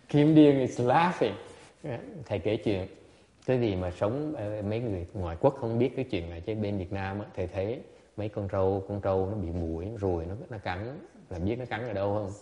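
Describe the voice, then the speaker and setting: A man from Vietnam with a Vietnamese accent, a Buddhist monk teacher giving a casual, animated dharma talk, laughing often and repeating words as he goes. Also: on the low side, brisk. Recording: long hall reverb.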